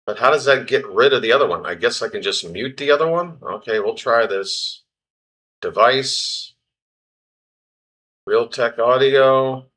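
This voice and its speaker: A man's voice: medium pitch, unhurried, a bit bright. A man hosting a live baseball stream, doing casual play-by-play in a flustered, self-deprecating way and talking to himself.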